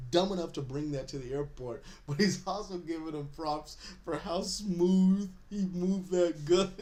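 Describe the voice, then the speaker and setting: A man's voice: on the high side, a little mellow, a little hiss or hum. A man hosting a podcast, recapping a TV episode in casual talk, laughing often and acting out the characters' lines. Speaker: podcast host.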